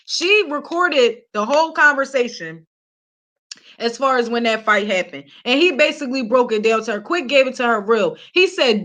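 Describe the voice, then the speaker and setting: Gossip host, woman from Philadelphia, high bright voice, blunt and chatty, talks directly to viewers. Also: animated, measured pace. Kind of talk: casual gossip commentary.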